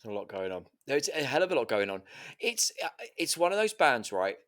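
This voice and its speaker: A man's voice: medium pitch, big pitch swings, a little fast, a bit bright. A man co-hosting an album review, chatty and teasing, rambling with lots of "like" and "kind of". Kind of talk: casual chat about music.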